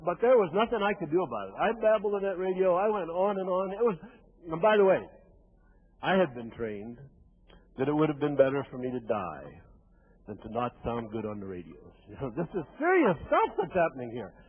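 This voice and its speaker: A man's voice: high-pitched, very animated, a little fast, slightly rough. A man in his sixties giving a motivational keynote, telling a first-person story vividly, with wry asides to the audience. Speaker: motivational speaker. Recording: tinny phone-like lo-fi recording.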